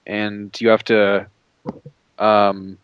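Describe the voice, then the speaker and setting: A man's voice: on the low side, completely flat delivery, very slow, clear, resonant tone, no echo, lo-fi sound. A man co-hosting a casual comedy podcast, spinning crude, rambling joke stories. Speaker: podcast co-host. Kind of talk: casual chat.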